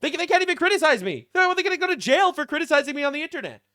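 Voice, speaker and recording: A man's voice: very high-pitched, sing-song, racing, bright, forceful tone. A young man hosting a reaction video, cracking crude, sarcastic jokes about news clips. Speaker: commentary host. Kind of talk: reaction commentary.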